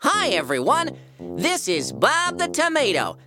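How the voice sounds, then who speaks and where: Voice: sits high, huge pitch swings, measured pace, music in the background, exaggerated voice. A voice actor playing a sensible, patient male tomato co-hosting a cartoon podcast, mildly exasperated by his friend. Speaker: co-host.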